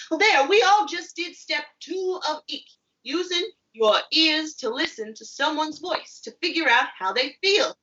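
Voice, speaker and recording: A woman playing a friendly chef who teaches children, speaking patiently and clearly to viewers at home. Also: high voice, pushed and bright, highs cut off, full character voice. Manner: patient, clear and encouraging, with deliberate pauses. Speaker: children's theatre educator.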